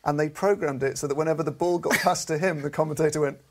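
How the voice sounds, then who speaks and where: Relaxed male comic, slightly high voice. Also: fast. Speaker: podcast guest comedian. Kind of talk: casual anecdote telling.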